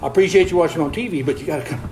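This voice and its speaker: A man's voice: a little high, racing, poor audio. An older man, chatting casually on a livestream, reading viewer comments while walking on a treadmill, folksy and easygoing, slightly out of breath. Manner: folksy, easygoing, chuckles often.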